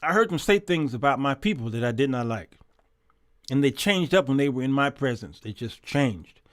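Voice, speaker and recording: A man's voice: medium pitch, no room sound, clean studio sound. A man hosting a Christian talk show, reading viewer comments and talking in an emphatic, conversational way, often repeating words.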